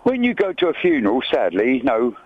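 A man's voice: medium pitch, wildly swooping pitch, quick pace, narrow, tinny audio. A man calling in to a radio phone-in, rambling and repeating himself in nonstandard grammar. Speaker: radio caller. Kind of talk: phone-in call.

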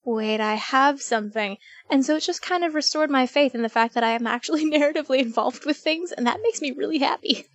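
A woman's voice: high-pitched, quick pace, hardly any pauses, no echo, dull audio. A woman co-hosting a storytelling podcast in casual chat, chatty and self-aware, laughing often. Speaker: podcast co-host.

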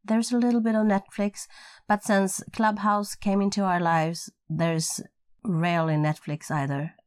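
A woman's voice: mid-range voice, level tone, measured pace, a little mellow, smooth, dry recording. A woman with a Swedish accent, Swedish her first language, co-hosting a casual podcast in English with playful, teasing banter into a podcast microphone. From Sweden. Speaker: podcast co-host.

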